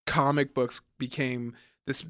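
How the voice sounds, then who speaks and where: A man's voice: mid-range voice, little pitch movement, measured pace, fairly bright tone, clear, resonant tone, dry recording, studio quality. A man in his thirties co-hosting a podcast, retelling facts in casual chat and laughing often. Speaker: podcast co-host.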